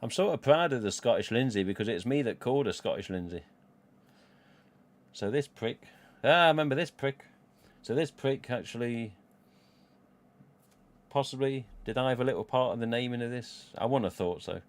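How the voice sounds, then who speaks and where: A man's voice: mid-range voice, lively intonation, moderate pace, long pauses, darkish tone. Rambling Midlands man on a live stream. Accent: English Midlands. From England. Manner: rambling, chatty, swears freely, chuckles to himself. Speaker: livestream host. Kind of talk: casual live-stream chat.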